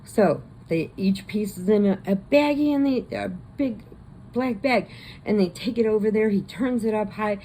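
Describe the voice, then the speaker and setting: A woman who hosts a crochet channel, casually retelling a horror movie in a rambling way and slipping into quick voices. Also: mid-range voice, mellow, a little hiss or hum, rough recording.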